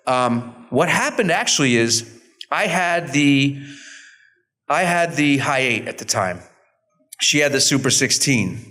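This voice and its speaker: A man in his fifties, an actor on a convention panel, telling stories in an animated, self-deprecating way. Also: medium pitch, unhurried, pauses often. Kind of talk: storytelling panel talk.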